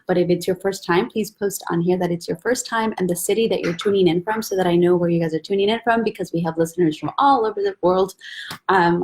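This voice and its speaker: A chatty young woman hosts a live stream from her home, reading out viewers' names and greeting each in turn. Her talk is loose and casual, full of small asides, picked up on a phone or webcam mic. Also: fairly low pitch. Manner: chatty, greets viewers by name one after another. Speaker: host of a weekly live stream. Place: at home, husband and baby in the back.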